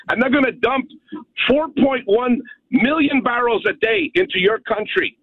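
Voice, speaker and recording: A high-voiced man from Canada rants bluntly down a tinny phone line. He hammers his points home and keeps asking "okay?" The line sounds dry and close. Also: no room sound. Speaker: caller. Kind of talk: phone-in rant. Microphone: telephone.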